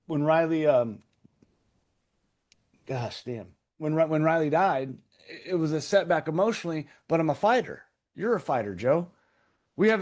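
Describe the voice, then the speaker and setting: Higher-voiced man telling an intense story. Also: darkish tone. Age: 30s. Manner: emphatic, repeats key phrases, swears. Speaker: podcast guest.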